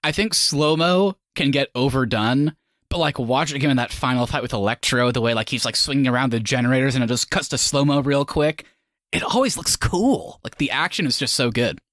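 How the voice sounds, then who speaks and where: A man's voice: mid-range voice, brisk, fairly bright tone, dry recording, studio quality. A man co-hosting a casual film review chat, rambling and leaning on "like" as he acts out scenes. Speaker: podcast co-host.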